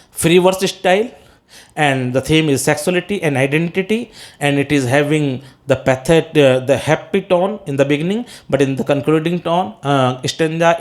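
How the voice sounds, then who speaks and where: A man with an Indian English accent teaching poetry as an English teacher, breaking ideas down step by step, asking questions and answering them himself, with many "uh"s and "okay?" checks. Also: a little high. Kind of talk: classroom lecture on poetry.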